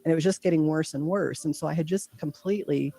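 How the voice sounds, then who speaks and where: A woman guest earnestly recounting a deeply personal experience, acting out her own thoughts in quotes. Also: fast talker, warm tone, husky. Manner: earnest, heartfelt. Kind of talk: personal storytelling.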